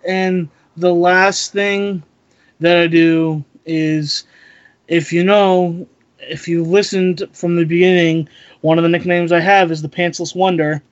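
A man on a casual podcast, slow and laid-back, dry in delivery with long pauses. His pitch is a little raised. The audio is dry and dull, lo-fi. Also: flat delivery, no echo. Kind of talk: casual chat.

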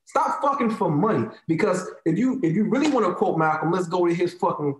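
A heated man in his thirties with an African American Vernacular English accent rants on a casual talk show, voice set high and swinging widely up and down. He swears freely and hammers his points with repetition. The room gives his voice a noticeable echo. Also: lively intonation, brisk, a little hiss or hum. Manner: heated, profane, emphatic, repeats phrases for emphasis. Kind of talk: casual opinionated rant.

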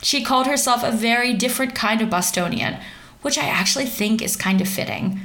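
A woman's voice: a little high, a little fast, fairly bright tone. Sardonic woman dishing celebrity gossip. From central Pennsylvania, US. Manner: sarcastic, wry asides. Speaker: commentator.

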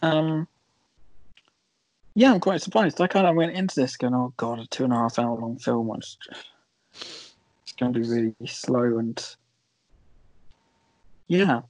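A man with a mid-range voice talks films in a laid-back, unhurried way, often trailing off. The recording is dry and close to the mic. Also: medium pitch, a little mellow, dry recording, rough recording. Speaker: podcast co-host. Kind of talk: casual film chat.

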